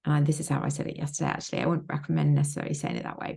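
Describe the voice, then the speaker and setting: Low gravelly woman, emphatic coach. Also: big pitch swings, very fast, dark tone. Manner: emphatic, repeats phrases, swears freely. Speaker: manifestation coach. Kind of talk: casual motivational vlog.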